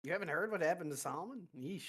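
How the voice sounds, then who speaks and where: Easygoing tabletop player, mid pitch. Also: animated, quick pace, a bit bright, slightly rough. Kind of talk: casual in-character chat over voice call.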